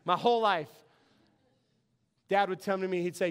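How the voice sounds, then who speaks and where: During a sermon, an excitable pastor preaches with lively, animated energy and laughs frequently, speaking to his listeners in a warm, practical way. His voice is high for a man, smooth and clear, and he talks at normal speed with frequent pauses.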